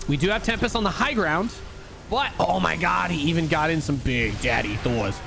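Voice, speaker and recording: Excitable young man casting a game replay. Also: a little high, moderate pace, vocal fry, music in the background. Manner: excitable, joking, swings between hype and dry asides. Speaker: streamer and caster. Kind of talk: casual esports replay commentary.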